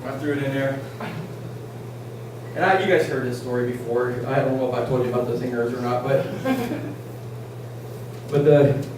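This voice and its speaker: A man preaching a sermon who shouts his emphatic lines and tells stories with many fillers. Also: medium pitch. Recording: echoey church, distant mic, background noise.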